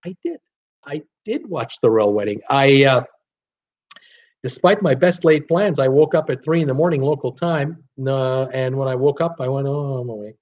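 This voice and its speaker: A man's voice: mid-range voice, normal speed, highs cut off. A man hosting a casual live stream, rambling through viewer comments with lots of "uh" and restarts. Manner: rambling, frequent "uh" and restarts, upbeat replies to viewers. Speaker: YouTube channel host reading live chat.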